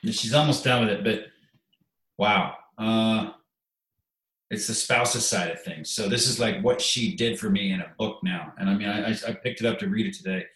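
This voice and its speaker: A man's voice: on the low side, normal speed, a bit bright, reverberant, rough recording. A man speaking as a guest in an interview, plainspoken and openly emotional, often repeating himself. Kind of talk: conversational interview.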